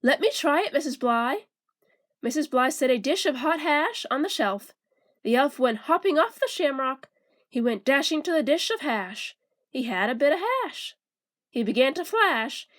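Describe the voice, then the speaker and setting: A woman reading a children's storybook aloud in a slow, careful, sing-song way. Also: high voice, big pitch swings.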